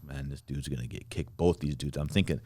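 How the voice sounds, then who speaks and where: A middle-aged man hosting a podcast, telling a casual anecdote with animated energy and frequent laughter. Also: extremely low pitch, a little fast. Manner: animated, laughs through his own anecdotes. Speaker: podcast host. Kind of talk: casual storytelling chat.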